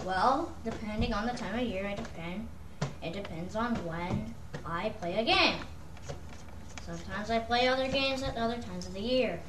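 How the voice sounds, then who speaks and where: A woman's voice: mid-range voice, moderate pace, echoey room, distant mic, background noise. A woman co-host answering questions in casual chat, hesitant and full of fillers.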